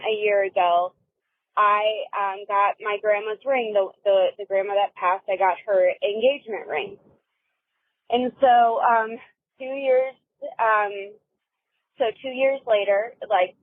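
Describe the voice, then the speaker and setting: A woman's voice: a little high, no echo. A young woman leaving a chatty, rambling voicemail, telling a story with lots of fillers and getting emotional. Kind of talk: casual phone message storytelling. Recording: tinny phone line voicemail.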